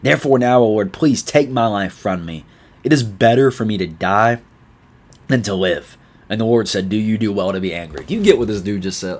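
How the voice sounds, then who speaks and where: Man, deep voice, casual Bible devotional, scripture reading, slangy emphatic commentary. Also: a little fast, darkish tone, slightly rough. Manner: reads scripture then riffs in slangy, emphatic asides. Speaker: Bible teacher.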